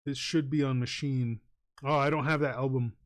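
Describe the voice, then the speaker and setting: A man's voice: medium pitch, fairly even intonation, moderate pace. Male streamer, casual drawing-stream chatter, rambling delivery with frequent chuckles and fillers. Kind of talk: casual livestream chat while drawing.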